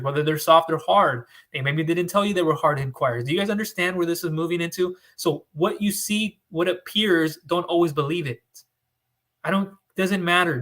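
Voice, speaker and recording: A man's voice: fairly high pitch, a bit bright. A man who works as a business loan broker, talking straight to his audience in an emphatic, repetitive, conversational way. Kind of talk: direct-to-camera advice talk.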